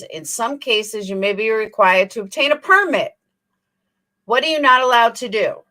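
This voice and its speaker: Slow, bright-voiced sarcastic woman. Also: on the high side. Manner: sarcastic, mocking, reads text aloud slowly. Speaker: commentary channel host. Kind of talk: scornful reaction commentary.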